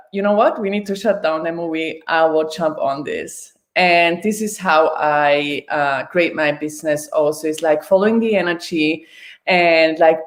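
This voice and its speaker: A woman in her thirties answering as an interview guest, easygoing and quick to laugh. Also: sits low. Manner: laughing, relaxed. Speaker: interview guest, business facilitator. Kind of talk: casual interview chat.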